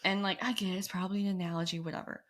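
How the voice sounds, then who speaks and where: A young adult woman co-hosting a podcast, chatting casually and telling stories with animated sarcasm. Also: on the low side, very fast. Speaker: podcast co-host. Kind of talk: casual chat.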